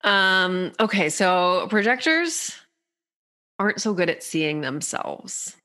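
A woman guest on a podcast, explaining ideas in an animated, playful way. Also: on the low side, takes it slowly. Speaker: podcast guest, human design guide. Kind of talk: casual explanatory chat.

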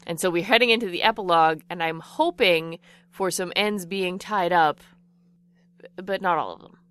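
A woman co-hosting a casual book discussion podcast, chatty and playful, quick to laugh. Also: on the low side, fairly bright tone, smooth. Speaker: podcast co-host.

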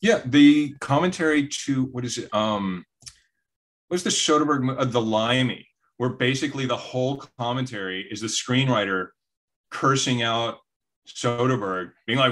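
A man's voice: mid-range voice, moderate pace, a bit bright. A man in casual podcast chat, telling anecdotes about film and acting out quoted voices.

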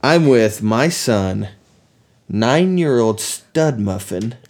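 A man's voice: mid-range voice, expressive, takes it slowly, a little mellow. Playful joking man hosting a podcast. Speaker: podcast host. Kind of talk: casual chat with his son.

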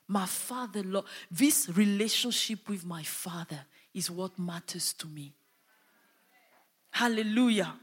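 A woman delivers a sermon at a measured, unhurried pace. Her voice carries a long reverb, as if she is filling a large hall. She swells on key lines and calls out to her listeners for a response. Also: mid-range voice, slightly rough. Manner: impassioned, rising and falling emphasis with call-and-response. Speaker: preacher.

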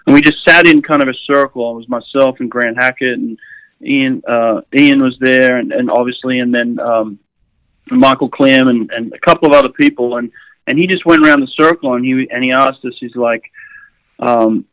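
A man's voice: mid-range voice, steady tone, moderate pace, fairly bright tone, no room sound, rough recording. A middle-aged Australian man, a swimming coach, telling stories casually with many fillers and chuckles. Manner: rambling, with frequent fillers and chuckles. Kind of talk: casual storytelling.

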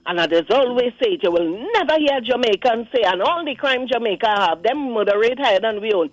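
A woman with a Trinidadian accent calling in to a radio show, animated and indignant, acting out the voices she quotes. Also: a little high, fairly quick, dry recording, rough recording. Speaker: caller. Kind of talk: call-in radio commentary. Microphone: phone line.

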